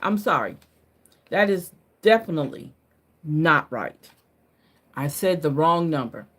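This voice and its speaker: A woman hosts a live card reading in a loose, chatty way, tagging nearly every point with "right?" or "okay?". She laughs off her own mix-ups. Her pitch jumps up when she gets excited and settles lower and softer as she goes on. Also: measured pace. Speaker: card reader.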